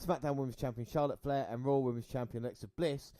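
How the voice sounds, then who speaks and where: A man co-hosting a casual podcast, chatting and reading news and listener shout-outs. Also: mid-range voice, fairly even intonation, fast, dry recording. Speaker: podcast co-host.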